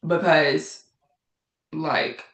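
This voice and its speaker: A woman's voice: low-pitched, steady tone, drawn-out words, fairly bright tone. A woman teaching a Bible study in a conversational way, often repeating phrases for emphasis. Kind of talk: casual spoken Bible study. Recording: echoey room.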